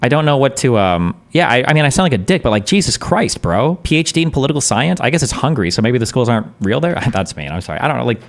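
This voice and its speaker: A man's voice: medium pitch, very animated, quick pace, hardly any pauses. A man casually commenting on a debate during a live stream, blunt, profane and thinking aloud in long rambles.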